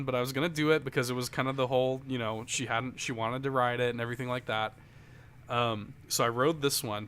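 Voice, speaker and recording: A man's voice: medium pitch, bright, forceful tone. A man co-hosting a podcast, telling a rambling, profane story full of fillers in casual chat. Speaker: podcast co-host.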